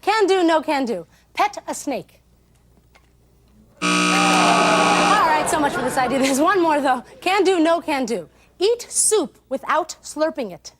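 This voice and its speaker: Bubbly high-voiced female game show host. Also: expressive. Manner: speaking in a put-on English accent; bubbly, quick quips to contestants. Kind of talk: upbeat game show hosting. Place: TV studio with live audience. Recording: loud studio music and audience.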